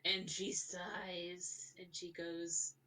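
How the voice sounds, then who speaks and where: A woman's voice: mid-range voice, animated, a little slow, fairly bright tone, far from the mic. A woman running a tabletop game as game master, describing the scene in a rambling way with many fillers and restarts.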